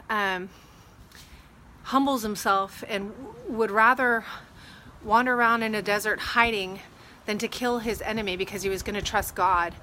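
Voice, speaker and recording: Uma mulher fala de forma descontraída para a câmera sobre liderança e fé, contando histórias com falas encenadas de um jeito animado. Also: female voice, medium pitch, slight background noise. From Texas. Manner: chatty, animated retelling with acted quotes. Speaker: real estate agent vlogger. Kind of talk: casual faith talk to camera.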